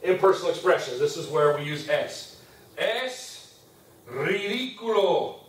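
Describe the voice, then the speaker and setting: A man's voice: on the high side, steady tone, a little fast. Man teaching in an echoey classroom. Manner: explains step by step, checks in with "okay?". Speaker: Spanish teacher. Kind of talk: classroom lecture. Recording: roomy classroom sound from a distance.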